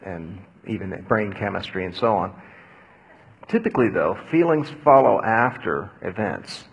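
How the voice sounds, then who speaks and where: Husky, animated male pastor. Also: lowish voice, low-quality recording. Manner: animated storytelling, acts out quotes loudly. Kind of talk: sermon with audience Q&A.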